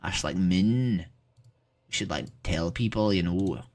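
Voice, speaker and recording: Low-pitched and a little mellow, an Irish-accented streamer speaks at a measured pace while casually chatting with strangers on a livestream. He rambles, using lots of filler words and swearing.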